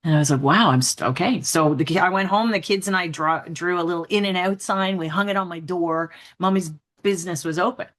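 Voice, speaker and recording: This is a middle-aged woman with a notably low voice, chatting as an interview guest. She tells upbeat, candid stories and slips into animated retellings of her own past thoughts, peppering her talk with "like" and "right?". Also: a little fast, hardly any pauses. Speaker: guest, emotional intelligence trainer and author. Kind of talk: casual interview storytelling.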